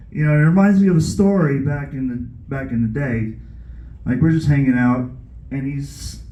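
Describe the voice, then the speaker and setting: A man does stand-up on a club stage with a high voice that leaps up and down as he spins a profane, animated story. He shouts his punchlines into a handheld mic. The room around him rings with echo. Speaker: stand-up comedian.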